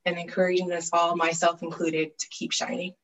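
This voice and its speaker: Slightly distant woman guest, brisk. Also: on the low side, level tone, fairly bright tone. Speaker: guest speaker. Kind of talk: casual interview.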